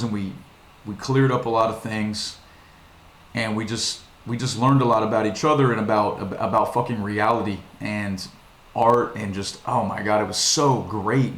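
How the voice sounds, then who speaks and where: A young man from Virginia talks straight to his viewers, swearing freely and starting his sentences over again and again. His voice sits at an ordinary middle pitch, and it carries a roomy echo from the space he films in. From Virginia, USA. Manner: rambling, profane, frequent restarts. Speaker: vlogger. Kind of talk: casual storytelling monologue. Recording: echoey room.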